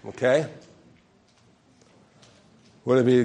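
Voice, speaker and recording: Lower-voiced guy preaching, keeps asking the congregation stuff and acting out little prayers. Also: moderate pace, long pauses. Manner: calls out questions to the congregation; acts out sample prayers. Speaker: pastor. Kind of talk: sermon.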